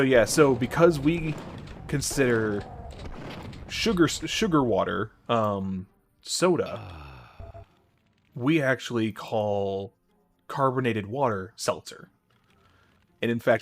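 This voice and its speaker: A man's voice: medium pitch, lively intonation, slow pace, pauses often. A man from the Chicago area with a general Midwestern American accent, chatting in a rambling way while he streams a game and answers chat. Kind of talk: casual chat while gaming. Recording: faint music behind.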